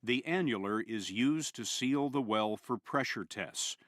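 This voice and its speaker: A serious man laying out a technical danger, slow and measured. The sound is dry and close. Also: medium pitch, lively intonation, fairly bright tone, dry recording. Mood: grave. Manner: slow, grave explanation. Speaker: film character explaining a technical problem.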